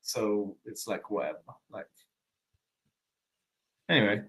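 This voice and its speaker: A man's voice: fairly low pitch, lively intonation, slow, fairly bright tone. A man co-hosting a podcast, talking loosely with swearing and laughing asides. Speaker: podcast co-host. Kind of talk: casual chat.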